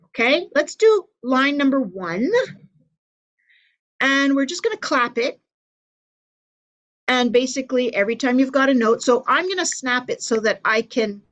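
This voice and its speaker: A woman's voice: on the high side, poor audio. A woman teaching an online music theory class, patiently counting and clapping rhythms aloud for her students.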